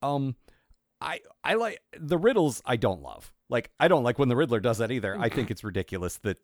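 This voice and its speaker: A man's voice: mid-range voice, big pitch swings, fairly quick, no echo, studio quality. A man co-hosting a podcast in casual chat, rambling and wry, full of fillers and restarts. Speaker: podcast co-host.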